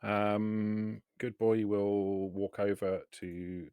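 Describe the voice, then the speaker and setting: A man's voice: on the low side, level tone, extremely slow, darkish tone, clear, resonant tone, dry recording. A man narrating as game master of a tabletop game, hesitant with many fillers.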